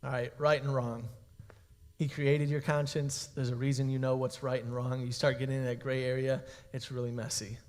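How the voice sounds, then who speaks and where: A man's voice: medium pitch, little pitch movement, normal speed, a little mellow. A young man preaching a youth sermon in a casual, conversational way, checking in with his listeners often. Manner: casual, conversational preaching with frequent "okay?" and "guys". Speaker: youth pastor. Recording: long reverb of a hall.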